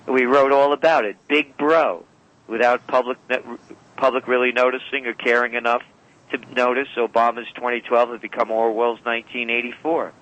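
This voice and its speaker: A man's voice: mid-range voice, flat delivery, moderate pace, a bit bright, dull audio. A man as a radio guest, telling long rambling anecdotes and often correcting himself. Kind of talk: storytelling interview talk. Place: radio call-in or studio.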